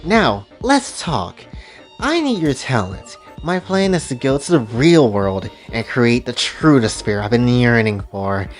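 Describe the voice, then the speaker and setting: A man's voice: medium pitch, sing-song, a little slow, soft background music. A man voicing a scheming female villain who craves despair, speaking in a smug, commanding way in a casual retelling of a story.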